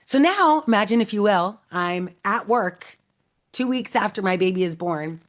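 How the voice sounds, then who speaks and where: A woman's voice: medium pitch, lively intonation, moderate pace. A woman in her thirties telling a personal story in a casual talk, acting out quoted dialogue with many fillers. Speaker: AI educator.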